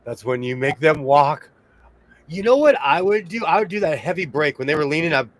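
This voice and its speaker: Chatty man with a slightly high voice. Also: animated, fairly quick. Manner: chatty, laughs often while telling stories. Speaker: co-host. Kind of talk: casual chat.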